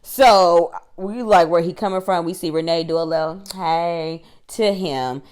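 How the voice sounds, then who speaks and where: Woman doing a chatty slangy tv recap, lowish smooth voice, laughs a lot. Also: a little slow, a little mellow. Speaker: YouTube TV reviewer. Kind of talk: casual episode recap.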